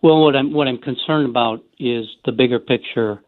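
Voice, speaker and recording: A man's voice: mid-range voice, normal speed, dry recording. Hesitant male caller on a phone line. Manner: hesitant, searching for words. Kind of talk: call-in question.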